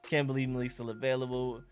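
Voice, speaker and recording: A young man with an Atlanta accent, hosting a casual live stream and reacting to chat and talking to his dog. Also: mid-range voice. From Georgia.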